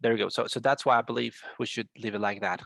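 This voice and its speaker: A man's voice: medium pitch, fairly even intonation, fast, vocal fry, a bit bright, dry recording. Man, English teacher, encouraging, repeats words, video call, dry. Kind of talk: online class teaching.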